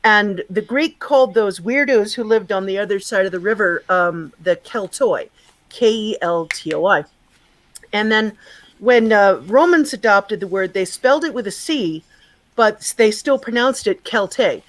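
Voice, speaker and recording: A woman with a mid-range, expressive voice talks at a normal pace over a low-quality video call. She's a guest who presents on magazine and radio, chatting casually about word history in a digressive, talkative way full of fillers.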